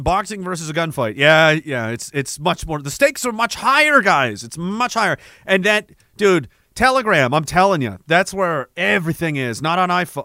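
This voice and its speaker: Guy from canada rambling on his livestream, swears a lot, high bright voice, dry sound. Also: dry recording. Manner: profane, rambling, animated storytelling. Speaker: livestream host. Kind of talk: casual livestream chat.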